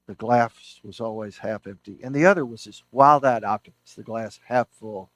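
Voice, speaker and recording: A man's voice: on the low side, normal speed, dry recording. Enthusiastic man telling stories in a lecture. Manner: enthusiastic storyteller, self-correcting restarts. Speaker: historian and author giving a book talk. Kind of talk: lecture with anecdotes.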